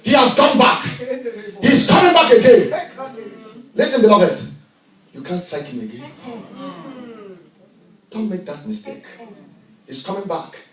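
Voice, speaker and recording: A male pastor preaching a sermon in a church, swinging from hushed lines to shouting. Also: high voice, sing-song, measured pace, pauses often. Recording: echoey church, miked from a distance.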